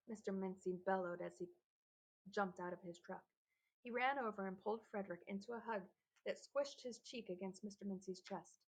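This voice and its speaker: A woman reads a children's novel aloud with gentle, even storybook narration. Her voice is gravelly with some fry and a husky edge, sitting at a middle pitch. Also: low-quality recording. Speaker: audiobook reader.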